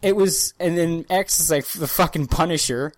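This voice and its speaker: A woman co-hosting a podcast, telling stories with excitable, profane energy and acting out scenes in little voices. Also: sits low, normal speed, dry recording. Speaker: podcast co-host. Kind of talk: casual chat, animated storytelling.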